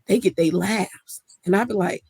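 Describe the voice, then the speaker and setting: A young woman comedian with a Southern US accent, talking loud, fast and full of energy from home in a casual interview. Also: medium pitch, gravelly, husky, no room sound. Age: young adult. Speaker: comedian guest.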